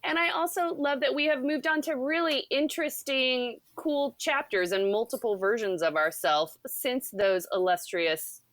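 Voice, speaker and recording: A woman's voice: sits high, moderate pace, hardly any pauses, a bit bright, no room sound, clean studio sound. A woman hosting a podcast, chatting in a bubbly way and laughing often. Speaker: podcast host. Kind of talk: casual podcast conversation.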